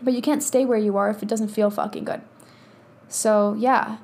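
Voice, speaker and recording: A woman in her thirties talks at normal speed in a mid-range, slightly mellow voice with fairly even intonation. As a podcast host and spiritual coach, she gives a casual motivational monologue, blunt and profane, laughing often.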